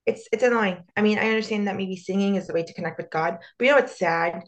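A woman's voice: medium pitch, quick pace. A young woman from the US, co-hosting a podcast in casual chat, blunt and sarcastic and swearing freely. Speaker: podcast co-host.

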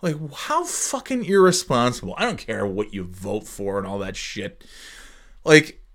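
A podcast host goes on a casual rant, profane and exasperated, rambling and restarting a lot. His fairly low, fairly bright voice swings widely in pitch while keeping a measured pace.

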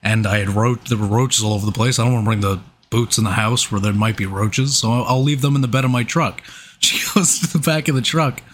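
A man's voice: lowish voice, fast, a bit bright, a little hiss or hum. A man telling a wild story in casual podcast chat, laughing often and swearing. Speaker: podcast co-host.

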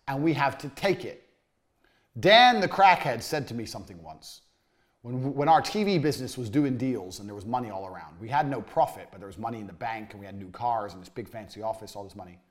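A man teaching a motivational business course. He talks bluntly, swears, repeats his points for emphasis and lets phrases sink to a low, trailing finish. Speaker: course instructor.

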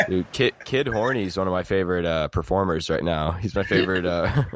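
A man's voice: low voice, brisk. A man talking about a movie in casual chat, rambling with many fillers and laughing often.

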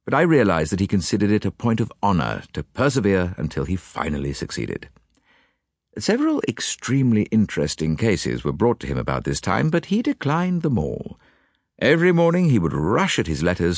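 A man reading a story aloud as an audiobook narrator, in a measured, storytelling manner. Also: low voice, a little mellow, no room sound, clean studio sound. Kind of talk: scripted narration.

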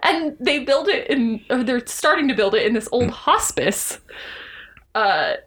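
A woman co-hosting a podcast, telling a story in a casual, animated way with frequent swearing and laughter. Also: fairly high pitch, a little slow, breathy edge.

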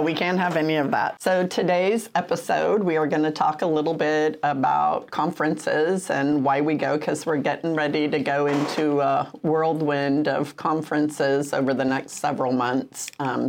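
A woman's voice: sits low, vocal fry. A woman co-hosting a podcast in casual chat, chatty and storytelling, laughing easily. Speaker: podcast co-host.

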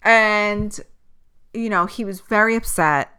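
A woman podcast host tells a personal story in a loose, chatty way, swearing freely and laughing as she goes. Her voice is bright and clear, with a crisp edge. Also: mid-range voice, slow. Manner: animated, profane, laughs often.

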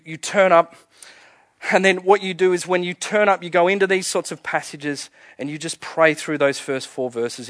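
A man preaches a sermon as a pastor in a slightly high voice, earnest and often chuckling. He frequently sinks into a hushed, soft delivery, and there is no echo.

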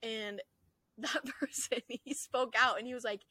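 Animated young woman, bright voice. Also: fairly high pitch, unhurried, dry recording. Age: young adult. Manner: animated, laughing, swears freely. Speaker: podcast co-host. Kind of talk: casual chat.

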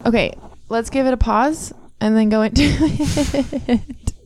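A woman's voice: fairly high pitch, takes it slowly, a little mellow, a little hiss or hum. A woman, a guest in a casual chat, giggly and teasing.

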